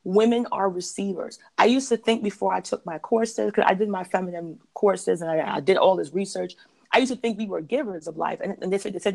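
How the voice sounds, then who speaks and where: A woman's voice: medium pitch, fairly quick, vocal fry, a little mellow. A woman on a podcast, giving emphatic relationship advice in a casual, conversational way. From parents from Jamaica.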